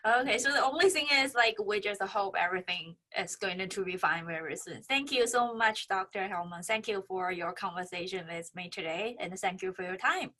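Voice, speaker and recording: A woman's voice: medium pitch, moderate pace, few pauses, pushed and bright. A woman interviewing a guest, asking questions politely in simple phrasing with some fillers.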